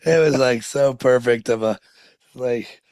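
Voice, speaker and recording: A man's voice: mid-range voice, a little slow, a little mellow, a little hiss or hum. A man hosting an interview podcast, asking rambling questions with a casual, chatty manner and frequent laughter. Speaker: podcast host.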